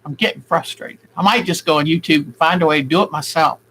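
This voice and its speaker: A woman's voice: deep voice, fast, fairly bright tone, breathy edge, rough recording. A woman at home showing her quilting work in a casual, rambling way, thinking aloud as she goes. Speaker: quilting vlogger. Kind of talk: casual craft demonstration.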